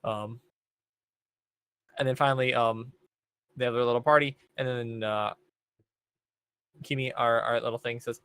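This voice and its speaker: A young man chats casually on a podcast, recapping a show in a loose, rambling way. His voice sits at an ordinary middle pitch, and he fills his pauses with ums and likes. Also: fairly even intonation, a bit bright, clean tone, dry recording. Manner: laid-back, rambling recap with many fillers. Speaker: podcast co-host. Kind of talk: casual chat.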